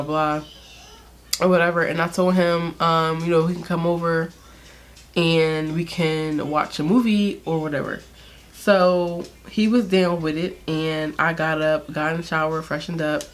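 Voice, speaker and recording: A woman's voice: sits low, a little hiss or hum. A young woman casually telling a candid, sarcastic story to camera, laughing often and using slang. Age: young adult. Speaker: beauty vlogger telling a story.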